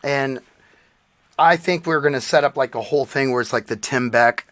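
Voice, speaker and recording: Male podcast co-host, forties, bright tense voice, dry close mic, earnest storyteller. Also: mid-range voice, moderate pace, no room sound. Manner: earnest storytelling, emotional tribute. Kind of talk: casual chat.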